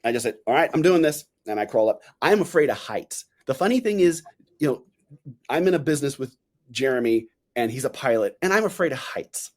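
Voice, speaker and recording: A man in his forties, a podcast guest, chatting casually and telling animated stories in which he acts out the voices he quotes. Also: medium pitch, fairly quick. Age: 40s. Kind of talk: casual interview chat.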